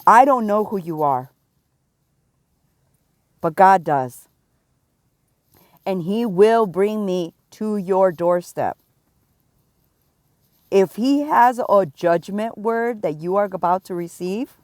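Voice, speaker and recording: Slow-speaking stern middle-aged woman. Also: mid-range voice, a little mellow, dry recording, studio quality. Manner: stern, emphatic warnings with slow pleading repetition. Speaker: self-described prophet. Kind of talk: prophetic warning talk.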